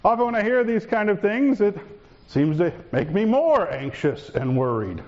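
Male pastor giving a sermon, kinda high voice, goes loud then real hushed, dull muffled audio. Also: big pitch swings, moderate pace. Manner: preaching with sudden shifts between raised and hushed delivery.

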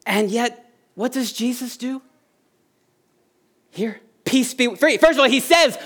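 A man's voice: very high voice, slow, long pauses, fairly bright tone. A middle-aged man preaching a sermon as pastor, earnest and lifting his voice on key phrases.

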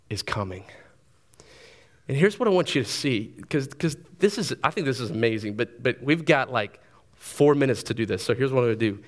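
A pastor in his thirties delivers a sermon in a lively, conversational style, tossing in quick asides and repeating words. His voice sits at medium pitch.

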